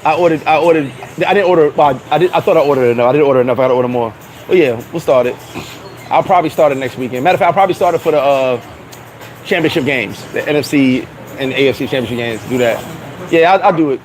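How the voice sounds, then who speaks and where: A man's voice: mid-range voice, quick pace, a little mellow, rough recording. Rambling man live-streaming outdoors with street noise. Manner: loose, rambling, swears, laughs at himself. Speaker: vlogger reading live chat. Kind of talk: casual live-stream chat.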